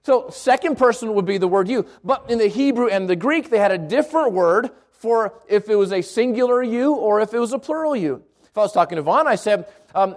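High-voiced man teaching a church Bible class. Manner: conversational, repeats himself and asks the room "right?"; restarts and stammers on words.

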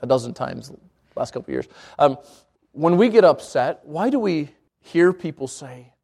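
A man with a high voice delivers a sermon in a relaxed, conversational way. He keeps turning to his listeners with questions and often doubles back over his words as he talks. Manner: conversational, asks the congregation questions, repeats words. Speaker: preacher.

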